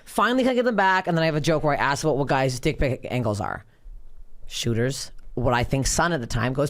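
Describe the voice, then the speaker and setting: Fast-talking profane comedian host. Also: female voice, low-pitched. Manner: rapid, profane, animated storytelling with many restarts. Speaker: podcast host. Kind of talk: casual chat, storytelling.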